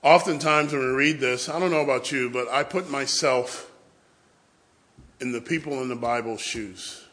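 A man's voice: mid-range voice, normal speed, fairly bright tone. A man preaching a sermon in church, telling humorous stories and acting out family scenes. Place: church with a responding congregation.

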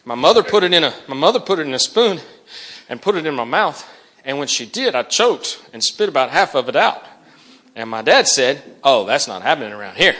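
Animated bright-voiced male preacher. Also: a little high, a little fast. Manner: urgent, repeats "listen to me", acts out dialogue. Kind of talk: impassioned sermon.

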